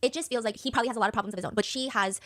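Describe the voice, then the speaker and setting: A woman co-hosting a reaction show, chatting quickly as she recaps a reality show and reads out viewer comments. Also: fairly high pitch, a bit bright.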